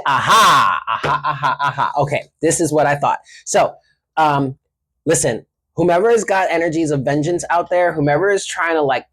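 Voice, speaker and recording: A tarot reader giving a casual reading, affectionate and slangy, calling the listener honey and baby. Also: medium pitch. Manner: chatty with frequent laughs.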